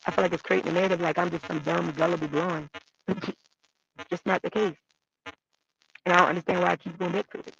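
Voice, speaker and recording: A woman's voice: fairly low pitch, flat delivery, normal speed, gravelly. A woman calling in to a stream, defending herself and repeating her points, heard over a glitchy, muffled microphone. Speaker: call-in guest. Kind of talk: heated casual chat. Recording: muffled glitchy call-in mic.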